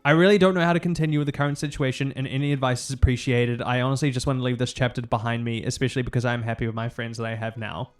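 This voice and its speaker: A man's voice: medium pitch, little pitch movement, racing, hardly any pauses. Young kiwi guy streaming, chatting loose and reading messages out, music faint behind. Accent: New Zealand. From New Zealand. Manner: chatty, reads viewer messages aloud. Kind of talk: casual chat.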